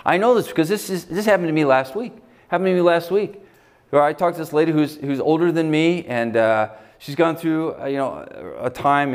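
A man with an American accent preaching a conversational sermon as pastor, swinging from loud emphatic lines to hushed, quiet quotes. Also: medium pitch.

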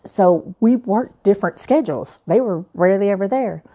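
A young adult woman, a life coach, telling a personal story in an animated, playful way. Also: medium pitch, normal speed, highs cut off.

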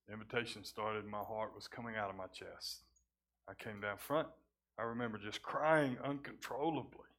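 A male pastor giving a sermon testimony, moving from hushed, halting confession with repeated restarts to loud, fervent preaching. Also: lowish voice. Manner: halting restarts when emotional.

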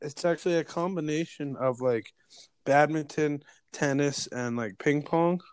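A man's voice: a little high, measured pace, smooth, dry recording, clean studio sound. A young man co-hosting a podcast in casual chat, laid-back and laughing, with a sprinkling of swearing. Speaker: podcast co-host.

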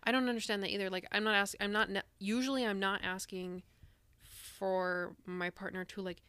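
A woman's voice: mid-range voice, little pitch movement, normal speed, fairly bright tone, clear, resonant tone, no room sound. A young woman co-hosting a podcast, chatting casually and rambling with lots of "like"s and restarts. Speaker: podcast co-host. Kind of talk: casual chat.

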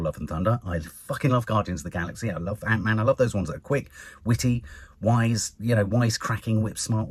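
A man's voice: medium pitch, breathy edge, dry recording. A man giving a casual, enthusiastic, rambling review of a TV episode, swearing freely and restarting his sentences.

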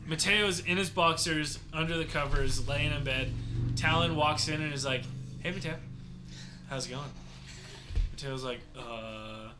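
A young man tells friends a story in a casual, animated way, swearing freely and dropping into lower voices to imitate the people involved. There's a little background noise.

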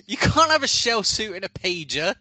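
A man's voice: high voice, sing-song, a little slow, sharp tone, dry recording. A man in casual podcast chat, teasing and giggly. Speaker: podcast co-host.

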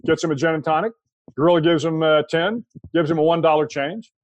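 An older American man, a guest in an interview, telling a long anecdote in a relaxed, conversational way with frequent restarts. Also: on the high side, fairly quick, no echo, lo-fi sound. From United States. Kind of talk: storytelling anecdote.

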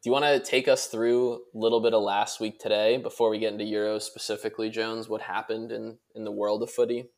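A man's voice: lowish voice, level tone, quick pace, hardly any pauses, darkish tone. A man co-hosting a casual podcast on a video call, talking in a dry, teasing way. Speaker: podcast co-host.

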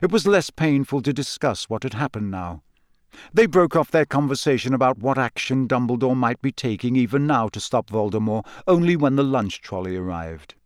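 Male audiobook narrator, steady and measured, middle pitch, dead-dry close sound. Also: no room sound. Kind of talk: scripted narration.

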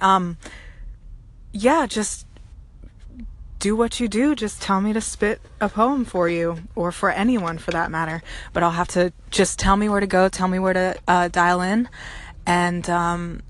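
A woman's voice: fairly low pitch, steady tone, a little slow. A woman with a Southern US accent, hosting a podcast and replying with enthusiasm and rambling thoughts to a listener's voicemail. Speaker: podcast host and poet.

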